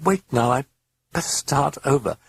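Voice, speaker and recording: A man voicing a little girl who talks haltingly to her father. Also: mid-range voice, lively intonation, gravelly, fairly bright tone, breathy edge, pitched above the performer's own voice, full character voice. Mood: pleading. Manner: halting, stumbling.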